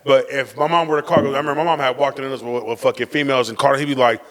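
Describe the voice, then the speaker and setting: A man co-hosting a podcast, telling family stories in quick slang and acting out his father's lines. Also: mid-range voice, fairly even intonation, fairly bright tone, big-room sound. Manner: rapid slangy banter, acts out his dad. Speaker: podcast co-host. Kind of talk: casual storytelling chat.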